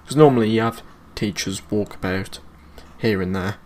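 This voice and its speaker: A man's voice: on the low side, moderate pace, darkish tone. A man with a British accent casually telling a school story in slangy, swear-filled speech. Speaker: vlogger.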